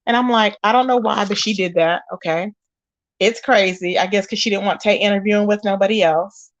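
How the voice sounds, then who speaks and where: On a muffled recording, a woman with a medium-pitched, steady voice talks briskly as she hosts a casual live stream. She's a gossip host who chats straight to her viewers and exclaims often as she gives her live-chat commentary.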